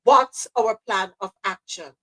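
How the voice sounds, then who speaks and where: A woman's voice: medium pitch, unhurried, fairly bright tone, poor audio. A woman hosting a live news podcast, speaking passionately and repeating phrases for emphasis. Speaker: host.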